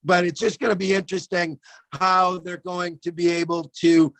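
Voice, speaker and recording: A man's voice: sits high, flat delivery, moderate pace, creaky, fairly bright tone, no room sound. A man co-hosting a call-in show, chatting loosely and comically, swearing and laughing as he goes. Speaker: comedian co-host. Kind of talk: casual comedic chat.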